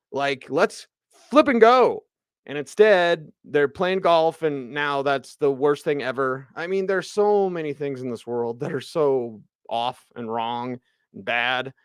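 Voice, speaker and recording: A man hosting sports radio, ranting in an animated, emphatic way about football. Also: fairly high pitch, smooth, dry recording, studio quality.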